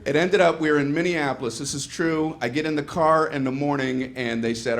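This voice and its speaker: A middle-aged man performing a stand-up routine, telling a story in an animated way and acting out voices and exasperated asides. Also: fairly high pitch, brisk, hardly any pauses. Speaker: stand-up comedian. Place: comedy stage with audience laughter. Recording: live show with faint room noise.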